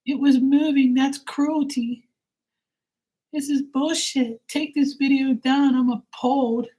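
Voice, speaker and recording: A man putting on a shrill, outraged woman's voice in mocking falsetto, quoting a critic from his comments. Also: fairly even intonation, takes it slowly, mellow, low-quality recording.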